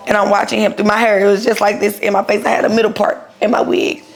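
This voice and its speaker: A woman's voice: medium pitch, quick pace, creaky. A woman in her thirties telling her own story casually, blunt and profane, acting out the people she quotes. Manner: blunt, profane, animated retelling with quoted dialogue.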